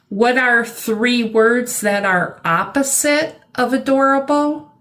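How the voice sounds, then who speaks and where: A middle-aged woman teaching a vocabulary lesson, slow and deliberate, repeating words for her learners. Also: fairly high pitch, a bit bright.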